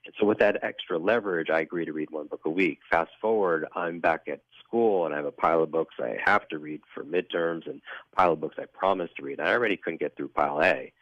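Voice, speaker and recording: A man with an extremely deep, low voice tells a personal story as an interview guest. He is earnest and reflective, often pausing and restarting his sentences. The recording is dry and a bit dull, like a lo-fi broadcast. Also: no echo.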